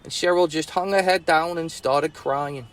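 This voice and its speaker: Folksy Brooklyn uncle telling a tale. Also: male voice, a little high, normal speed. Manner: folksy, rough grammar, chuckling asides. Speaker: storyteller uncle. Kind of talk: bedtime-style storytelling.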